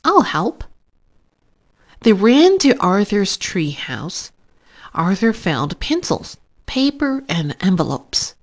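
Lady reading a kids' picture book, really slow, voice goes up and down a lot. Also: mid-range voice, big pitch swings. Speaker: narrator. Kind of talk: children's storybook read-aloud.

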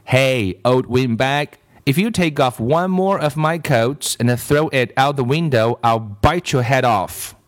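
A man's voice: medium pitch, close to an everyday voice. Storybook: a nasty, insulting little creature who drags out his jabs, done by a male reader. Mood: sneering. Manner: slow, sneering, insulting drawl. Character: rude, smelly little creature hidden in raincoats.

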